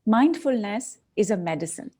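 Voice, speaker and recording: A woman giving a reflective talk, speaking in a measured, thoughtful way. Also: mid-range voice, expressive, dark tone, husky.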